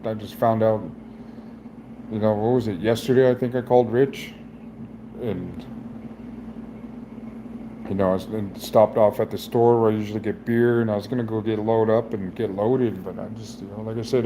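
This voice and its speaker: Middle aged guy rambling through a raw, teary vlog, lowish dark voice, restarts a lot. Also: fairly even intonation, a little hiss or hum. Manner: halting, rambling, many restarts. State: emotionally raw, near tears. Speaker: vlogger. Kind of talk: emotional personal vlog.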